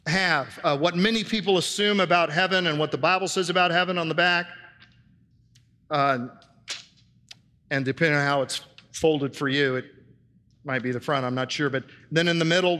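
A man's voice: on the high side, sharp tone, in a large hall. A man preaching a sermon in a church, teaching earnestly and posing rhetorical questions to his congregation. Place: church with handouts for listeners.

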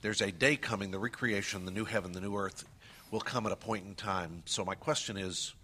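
A man interviewing a speaker on a church stage, asking thoughtful questions with some halting restarts. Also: fairly low pitch, fairly even intonation, sharp tone, a little hiss or hum. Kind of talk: onstage conversation.

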